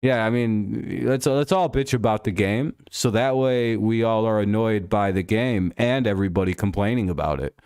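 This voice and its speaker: A man's voice: fairly low pitch, moderate pace, hardly any pauses, darkish tone, clear, resonant tone, no echo, studio quality. A man hosting a casual live stream over a football game, ranting in irritation and swearing often.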